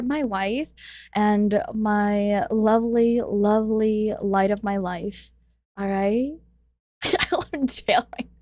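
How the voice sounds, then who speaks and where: A woman's voice: fairly high pitch, no echo. A young woman hosting a casual podcast chat, playful and teasing, laughing often. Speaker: podcast host.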